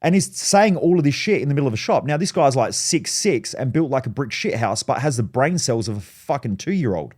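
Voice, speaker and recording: A man, a business coach, telling a story in a blunt, animated way with a lot of swearing. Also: mid-range voice, a little fast, hardly any pauses, husky. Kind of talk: casual monologue, storytelling.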